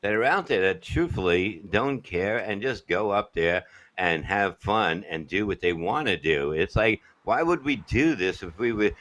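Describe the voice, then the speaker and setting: A man's voice: fairly low pitch, lively intonation, a little slow, a bit bright. A man hosting a comedy podcast, talking bluntly and profanely with strong emphasis. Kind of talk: podcast chat.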